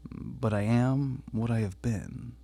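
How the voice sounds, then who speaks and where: A man's voice: medium pitch, takes it slowly, dark tone, no room sound. A man reading the part of a guilty, fearful young wife in an audiobook, with an earnest, pleading delivery.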